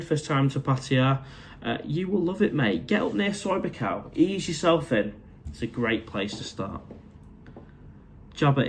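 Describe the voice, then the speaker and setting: A man's voice: mid-range voice, a little mellow, slight background noise. A middle-aged man with a Mancunian accent chats casually on a live stream from his condo. He reads out and answers viewers' comments in a friendly, matey way, calling people mate as he goes. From Manchester, England. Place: condo indoors.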